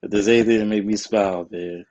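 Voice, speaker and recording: A man's voice: fairly low pitch, steady tone, a little slow, darkish tone, highs cut off. A man co-hosting a casual sports podcast, teasing and trash-talking with frequent laughs. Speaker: podcast co-host.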